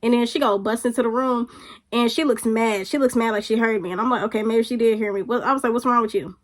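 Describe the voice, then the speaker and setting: Chatty young woman telling a story. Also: fast talker. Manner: animated, acts out quoted voices with big pitch jumps; casual slangy chat. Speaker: storytime vlogger. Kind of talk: casual storytime.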